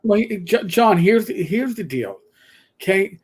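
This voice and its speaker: Older new guy, kinda high voice, rambles and jumps around telling stories. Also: a little slow, husky. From New York. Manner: rambling, animated storytelling with restarts. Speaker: co-host. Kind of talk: casual chat.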